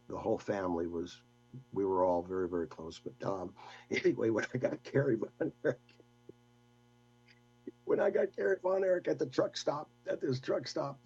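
An older man, a guest, telling a rambling, animated story in casual talk. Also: on the low side, husky, lo-fi sound. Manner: rambling, animated anecdote with laughs.

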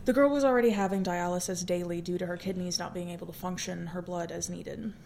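A woman's voice: on the low side, fairly even intonation, quick pace, creaky, a little mellow, a little hiss or hum. A woman co-hosting a casual podcast, reading a good-news story aloud and chatting between items. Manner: teasing, laughing, a little scattered. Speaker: podcast co-host.

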